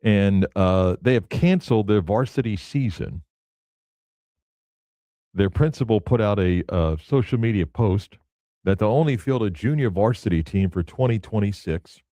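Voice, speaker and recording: A man hosting a sports talk radio show in a relaxed, conversational way, filling pauses with "uh" and "um." His voice sits low and mellow. The studio sound is close and dry. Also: no room sound. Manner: loose and conversational, many fillers.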